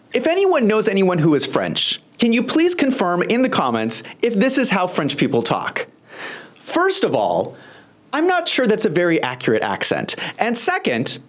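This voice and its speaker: A host delivering political commentary with a sarcastic, pointed edge. The voice swoops dramatically up and down while its pitch stays mid-range.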